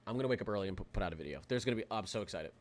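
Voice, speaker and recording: A young man hosting a live weather stream, talking in an excitable, rambling way with lots of fillers and restarts. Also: on the low side, very fast. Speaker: weather livestream host. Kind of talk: casual livestream commentary.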